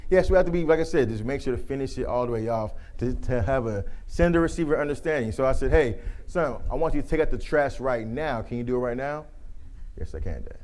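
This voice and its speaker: A man presenting a leadership communication workshop to a live group, telling animated stories and acting out the people he quotes. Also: mid-range voice, quick pace, few pauses. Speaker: youth football coach.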